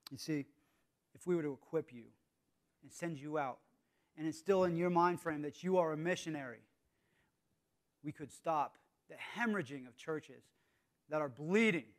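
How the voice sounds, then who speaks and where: Earnest high-voiced pastor preaching. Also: male voice, moderate pace, pauses often. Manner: earnest, swings from hushed to emphatic. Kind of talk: sermon.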